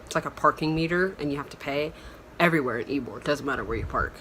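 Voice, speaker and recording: A woman's voice: sits low, animated, quick pace, a bit bright, a little hiss or hum. A young woman from Florida telling a story to the camera in a chatty, rambling way, full of "like". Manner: chatty, rambling, heavy use of "like". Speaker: vlogger. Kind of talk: casual storytelling vlog.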